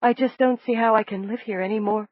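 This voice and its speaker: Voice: mid-range voice, fairly even intonation, fast talker, no room sound, dull audio, pitched above the performer's own voice, close to an everyday voice. A narrator voicing an anxious, torn young female alien soul in an audiobook, with a pleading, upset manner. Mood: distressed. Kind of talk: audiobook character voice.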